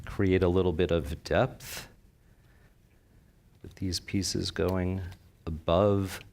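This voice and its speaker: A man with a very low voice walks an audience through his flower arrangements at a slow, unhurried pace. He is chatty and enthusiastic, often turning to the room with questions. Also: steady tone, creaky, darkish tone, slight background noise. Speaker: floral design presenter. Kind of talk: live design demonstration. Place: convention stage before an audience.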